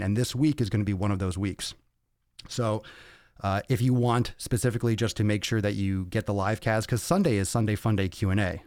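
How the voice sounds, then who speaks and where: A male podcast host, out of breath, chatting casually on a livestream and reading viewer comments in an energetic, profane, rambling way into a podcast mic. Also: lowish voice, clean tone, no echo, studio quality. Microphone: podcast microphone.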